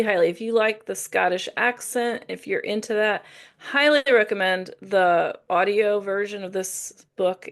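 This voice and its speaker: A chatty woman co-hosting a book podcast in a rambling, easygoing way. Her voice carries a noticeable gravelly fry at a middle pitch. She circles back and corrects herself as she talks. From Indiana, USA. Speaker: podcast co-host. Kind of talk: casual book-review chat.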